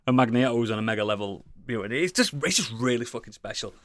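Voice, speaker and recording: A man chatting casually as a podcast co-host, rambling and enthusiastic, swearing often and filling pauses with ums and likes. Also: medium pitch, expressive, a bit bright, dry recording, studio quality. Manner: rambling, enthusiastic, swears a lot, many fillers. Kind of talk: casual chat.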